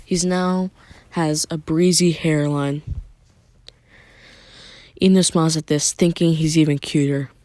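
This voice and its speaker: A man's voice: on the high side, steady tone, measured pace, long pauses, a little mellow, dry recording, clean studio sound. A man casually narrating a made-up fan story, rambling with many filler words.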